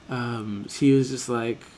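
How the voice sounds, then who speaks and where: A man's voice: medium pitch, a little mellow. A man co-hosting a podcast who tells work stories in casual, profane chat and laughs often. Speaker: podcast co-host.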